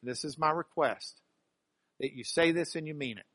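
A man preaching a sermon as pastor, hammering single words with big swings in loudness and leading the congregation in call-and-response. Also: a little high, moderate pace, no room sound. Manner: ends in a quiet, soft-spoken prayer.

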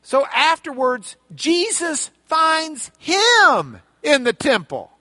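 Guy preaching, high bright voice, bouncy, acts out the story in goofy voices, dry sound. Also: takes it slowly, dry recording. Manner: animated storytelling, acting out characters in casual voices. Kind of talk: sermon.

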